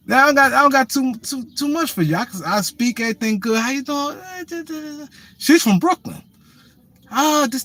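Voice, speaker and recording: A man spins a loose, profane story in casual chat. His voice sits fairly high for a man. He keeps restarting sentences and tossing in "you know what I'm saying.". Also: a bit bright.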